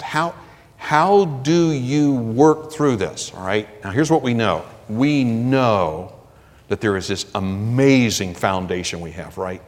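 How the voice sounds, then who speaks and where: Male pastor, mid-pitched, emphatic sermon delivery, church hall with long reverb. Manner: emphatic, rising to loud scripture readings. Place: church sanctuary.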